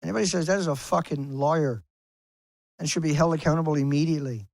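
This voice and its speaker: A man's voice: a little high, fast talker, gravelly, a little mellow, no echo. A man delivering an angry, profane rant to camera as an activist vlogger, repeating phrases for emphasis, outdoors on a beach. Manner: angry, swearing, repetitive and emphatic.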